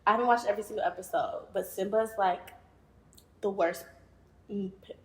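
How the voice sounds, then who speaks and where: A woman's voice: medium pitch, steady tone, a little fast. A woman guest on a podcast, chatting casually and animatedly, often laughing and mimicking voices. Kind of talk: casual chat. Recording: echoey room.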